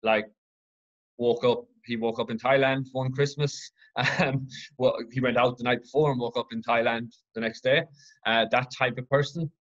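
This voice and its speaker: A man from Ireland hosting his own podcast, telling a personal story in an earnest, reflective, halting way. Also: mid-range voice, steady tone, fairly bright tone, lo-fi sound. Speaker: podcast host.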